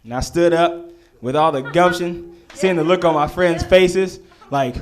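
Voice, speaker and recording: A young man doing live stand-up, telling a story, acting out voices and rising to near shouts. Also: fairly high pitch, a little slow, slight background noise. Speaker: stand-up comedian.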